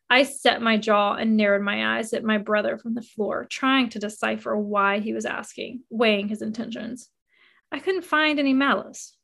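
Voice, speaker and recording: High-voiced woman reading a memoir. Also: gravelly. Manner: expressive, rising with emotion. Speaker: memoir narrator. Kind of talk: first-person memoir narration.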